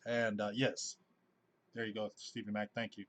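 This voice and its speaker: Animated man hosting a fan livestream. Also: on the low side, normal speed. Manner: animated, effusive, reads out viewer names. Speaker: host of a sports fan live show. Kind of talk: casual livestream chat.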